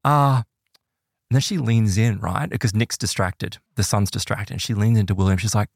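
A man, casually telling a ghost story on a podcast, animated and quick to act out quoted people. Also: vocal fry, dry recording, studio quality. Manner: animated, voices quoted people in higher pitch.

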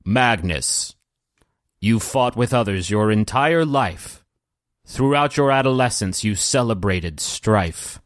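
A man voicing a group of divine judging statues that speak down from above, solemn and booming. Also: lively intonation, takes it slowly, no room sound, studio quality. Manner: booming, solemn, pronouncing judgment. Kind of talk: tabletop game voice acting.

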